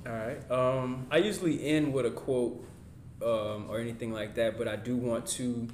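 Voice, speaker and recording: A man's voice: mid-range voice, steady tone, normal speed, a little mellow, a little hiss or hum. Man, podcast host, heartfelt plain-spoken talk, roomy echo. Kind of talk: casual chat.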